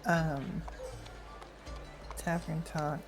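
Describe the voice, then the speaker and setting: A woman's voice: low-pitched, fairly even intonation, drawn-out words, over music. A woman, a player in a tabletop game, summarizing in a self-deprecating, easygoing way. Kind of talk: casual chat.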